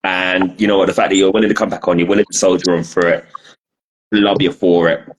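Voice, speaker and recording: A man's voice: low voice, flat delivery, fast, slightly rough, low-quality recording. A man hosting a podcast, laid-back and sweary as he wraps up with the guest. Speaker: podcast host. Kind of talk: casual chat.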